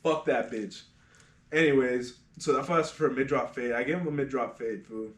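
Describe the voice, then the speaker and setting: A man who works as a barber, telling shop stories on a casual podcast in a profane, animated way and calling everyone "fool". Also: medium pitch, moderate pace. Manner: profane, animated storyteller, says "fool" constantly. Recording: echoey room.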